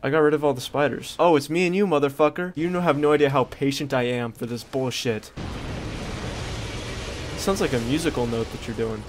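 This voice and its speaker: A young man giving crude, rambling commentary while playing a game, yelling at it when things go wrong. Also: mid-range voice, brisk, slight background noise. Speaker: gaming streamer. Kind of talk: casual gameplay commentary.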